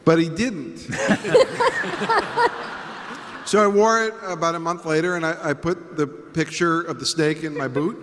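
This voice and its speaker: A man who writes for TV, telling a dry anecdote slowly on a convention panel. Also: fairly high pitch, fairly bright tone, a little hiss or hum. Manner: slow, dry storytelling. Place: large convention hall. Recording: roomy hall reverb.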